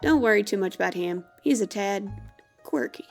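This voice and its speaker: A woman's voice: mid-range voice, lively intonation, moderate pace, gravelly, soft background music. Woman doing a grumpy Southern dwarf. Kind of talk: voicing video game dialogue.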